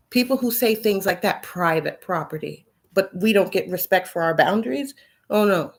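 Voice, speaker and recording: A woman vlogger talks straight to her viewers in a heated rant. Her voice sits at an ordinary middle pitch. She is blunt and profane and keeps firing rhetorical questions. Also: lively intonation, measured pace, creaky, long pauses, darkish tone. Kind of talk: ranting monologue to camera.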